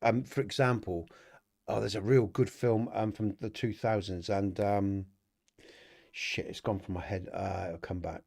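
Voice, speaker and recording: A man's voice: lowish voice, fairly even intonation, unhurried, gravelly, a little mellow. A middle-aged man hosting a casual livestream podcast, rambling and chatty, laughing often and talking to viewers in the chat. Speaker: podcast host.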